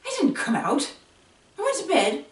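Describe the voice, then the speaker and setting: Here is a woman putting on a dismissive Irish father from Kerry, scoffing in a wobbly brogue that raises the pitch. It sounds roomy, and the voice carries from across the room. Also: huge pitch swings, normal speed. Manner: weak put-on Irish brogue; scoffing, brushing it off. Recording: roomy, from a distance.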